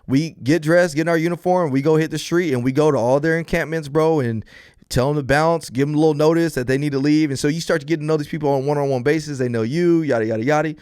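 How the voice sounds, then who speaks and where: A young adult man who is a police officer, talking casually on a podcast in a laid-back way and getting animated when he tells stories. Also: a little high, fast talker, clean tone, no room sound, studio quality.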